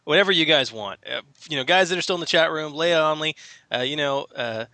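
A man's voice: fairly high pitch, quick pace, pushed and bright, dry recording. A man co-hosting a podcast, chatting casually and trailing off with fillers. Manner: laid-back, trailing off with fillers. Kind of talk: casual chat.

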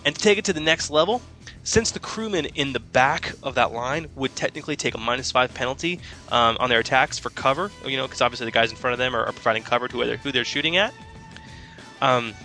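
A man co-hosting a tabletop gaming podcast, explaining rules in a chatty, rambling way full of fillers. His voice is bright and forward, with faint music under it. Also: mid-range voice, fast. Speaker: podcast co-host and game master. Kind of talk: casual gaming podcast chat.

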